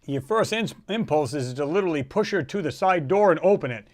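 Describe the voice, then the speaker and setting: A man hosting a casual livestream, rambling and animated as he reads out viewer comments and reacts to them. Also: a little high, fairly quick. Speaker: livestream host.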